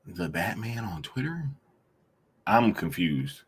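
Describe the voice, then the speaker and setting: A young man hosting a live stream, chatting casually and mocking online critics in slangy, animated talk with frequent laughter. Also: low voice, slow, slightly rough.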